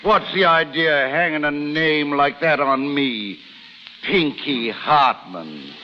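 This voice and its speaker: An actor playing a pompous, flustered sheriff who stammers placating "now, now"s, in a 1930s radio drama. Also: male voice, on the high side, slow pace, bright, forceful tone. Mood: fussy, indignant. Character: pompous, flustered small-town male sheriff. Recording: hissy old broadcast with long reverb.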